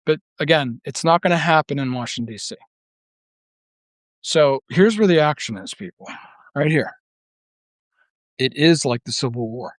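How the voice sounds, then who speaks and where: A man holds forth in a heated, blunt monologue, swearing freely and firing off rhetorical questions. He rambles and restarts as his thoughts race ahead. His voice sits at an ordinary middle pitch, recorded close and dry. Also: a little fast, no echo. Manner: heated, blunt, profane ranting. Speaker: online commentator. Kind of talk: unscripted political monologue.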